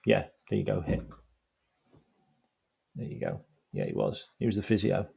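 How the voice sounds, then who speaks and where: A man's voice: low voice, wildly swooping pitch, moderate pace, creaky, mellow, breathy edge. A man hosting a football fan channel, chatting casually in a rambling way, with lots of "like" and laughter as he tells stories. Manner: rambling, heavy use of "like", laughs while telling stories. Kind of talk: casual live-stream chat.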